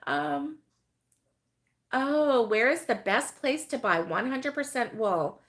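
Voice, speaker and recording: A woman's voice: sits high, takes it slowly, fairly bright tone. A middle-aged woman hosting a casual crochet chat, rambling with many fillers and laughing often as she reads viewer comments. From United States. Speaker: host of a crochet live stream.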